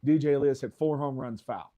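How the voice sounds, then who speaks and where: A man's voice: medium pitch, brisk, mellow, dull audio. A man co-hosting a local sports radio show, laid-back and friendly, reading out player stats. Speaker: sports show co-host and broadcaster. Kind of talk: casual sports talk radio.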